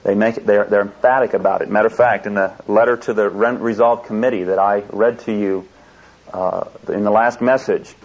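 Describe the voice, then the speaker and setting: A man's voice: lowish voice, steady tone, fairly quick. A man preaching a sermon in an earnest, repetitive way, often restarting his sentences. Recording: dull lo-fi recording.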